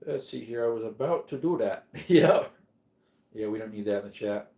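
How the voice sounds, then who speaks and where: A man's voice: fairly low pitch, expressive, normal speed, gravelly, mellow. Male streamer, casual and chatty, reading chat from home; reverberant room sound. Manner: laid-back, chatty, answers viewer comments. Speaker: livestream host reading chat. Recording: echoey room.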